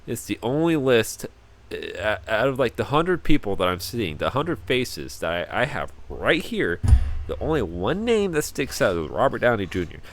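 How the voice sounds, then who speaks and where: Deep-voiced man with a lively, bouncing delivery. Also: moderate pace, faint music behind. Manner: rambling, repeats words when starting sentences. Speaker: podcast host. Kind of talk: casual solo podcast monologue.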